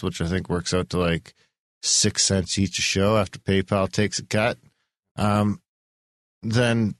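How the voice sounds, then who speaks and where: A man's voice: fairly low pitch, no echo, studio quality. A man hosting a podcast in casual chat, rambling and swearing freely. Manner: rambling, swears often, restarts a lot. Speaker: podcast host.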